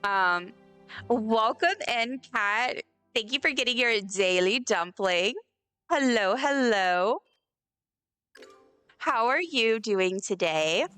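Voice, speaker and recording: Woman, livestreamer, effusive casual chat, smooth clear voice. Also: medium pitch, pushed and bright. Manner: effusive, chatty, reads chat aloud. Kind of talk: casual live-stream chat while gaming. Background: faint game music.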